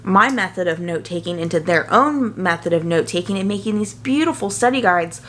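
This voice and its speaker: A young adult woman, a nursing student, chatting casually and earnestly to her viewers, full of fillers and quick asides. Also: lowish voice, animated, fairly bright tone, a little hiss or hum. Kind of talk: casual chat to camera.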